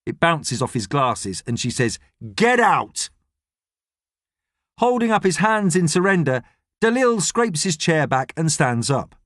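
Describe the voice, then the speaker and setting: A male audiobook narrator with a fairly high voice that rises and falls a great deal as he tells the story. He reads in an expressive, scripted way, recorded close to the mic in a dry room. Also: moderate pace, dry recording. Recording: dry studio sound.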